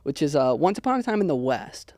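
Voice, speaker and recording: A young man talking about favorite films in a loose, rambling way, full of ums and likes. His voice sits a little high for a man and lands very dry and close on the mic, with no room sound at all. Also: sing-song, brisk, darkish tone, dry recording. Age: young adult. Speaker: podcast guest. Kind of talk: casual chat.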